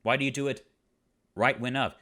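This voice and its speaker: A man's voice: mid-range voice, fairly even intonation, moderate pace, pushed and bright. A man giving an exasperated review rant, firing off one rhetorical question after another. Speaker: online reviewer. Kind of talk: ranting episode review.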